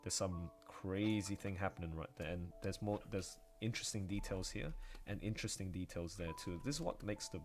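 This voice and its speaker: A man's voice: low-pitched, brisk, music in the background. A man talking casually on a livestream while drawing, rambling and chatty. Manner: rambling and chatty, full of fillers and asides. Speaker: artist streaming while drawing.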